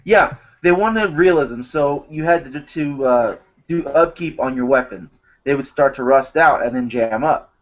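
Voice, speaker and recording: Animated, swearing man on a lo-fi mic. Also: mid-range voice, a little slow. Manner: animated storyteller, swears a lot. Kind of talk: casual chat. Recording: dull lo-fi recording.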